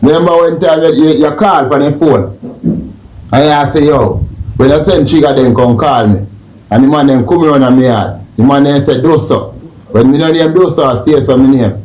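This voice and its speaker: A man mediating a heated argument, calming people down and pressing for answers. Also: medium pitch, moderate pace, echoey room, low-quality recording.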